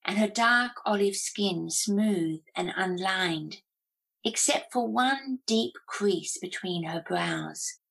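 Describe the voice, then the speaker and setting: Slow, gravelly woman author. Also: fairly low pitch, fairly bright tone, rough recording. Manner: unhurried, measured storytelling. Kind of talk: reading her novel aloud.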